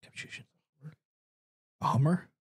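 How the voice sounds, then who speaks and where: A Northern Irish man chatting casually over a video game, wry, laughing often and swearing freely. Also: a little slow. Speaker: game commentator. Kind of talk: casual gaming chat.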